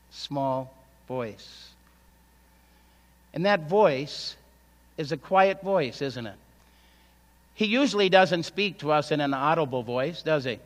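A pastor preaches in a conversational way, often turning to rhetorical questions. His voice sits somewhat high for a man. The sound carries a long reverb from the church hall. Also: fairly bright tone. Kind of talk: sermon. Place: church sanctuary.

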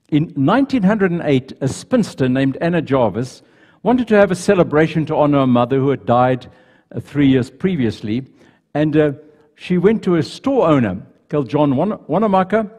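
A man's voice: fairly high pitch, a little mellow. A male pastor giving a sermon and leading prayer in a church, earnest, with small restarts. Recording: reverberant church hall.

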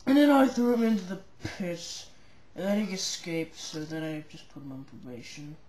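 Woman doing a pompous guest host, slow and rambly, lots of restarts, echoey room. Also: on the low side, a little mellow, close to an everyday voice. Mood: rambling. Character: rambling self-important guest host, complaining. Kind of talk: homemade comedy sketch. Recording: echoey room, faint noise.

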